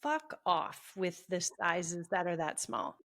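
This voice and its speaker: A woman with a Canadian accent co-hosts a casual podcast. She is blunt and teasing, and swears freely in relaxed chat. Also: lowish voice, slow. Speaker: podcast co-host.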